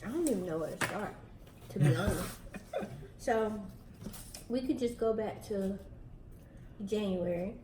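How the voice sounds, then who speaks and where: A woman's voice: medium pitch, expressive, normal speed, echoey room, background noise. A young woman with a Southern US accent, a bit out of breath, chatting casually with viewers while eating. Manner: chatty, addresses viewers directly. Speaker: vlogger host.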